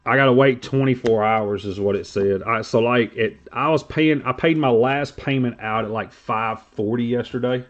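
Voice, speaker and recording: A man's voice: medium pitch, moderate pace, few pauses, muffled recording. A man hosting a trading card stream, rambling and joking crudely in casual chat.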